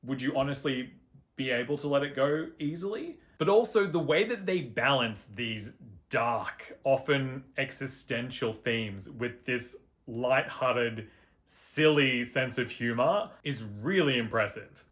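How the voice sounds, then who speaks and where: A man's voice: mid-range voice, a bit bright. A man talking through his thoughts on a video game, reflective and enthusiastic, with casual asides. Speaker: gaming video host. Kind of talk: casual game review monologue.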